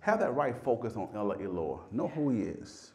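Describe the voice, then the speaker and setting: A man preaching a sermon with fervor, repeating phrases and swinging from loud peaks to hushed lows. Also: big pitch swings, moderate pace.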